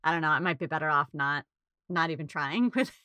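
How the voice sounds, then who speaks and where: A woman's voice: deep voice, fairly quick, sharp tone, no room sound. A woman in casual conversation, thoughtful and reflective, with lots of fillers as she talks through an idea. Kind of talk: casual chat.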